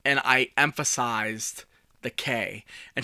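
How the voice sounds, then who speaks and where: Bright, chatty male podcast host. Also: medium pitch, a little slow, no room sound. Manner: chatty, storytelling, self-deprecating asides. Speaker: communication coach and podcast host. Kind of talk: casual solo podcast talk.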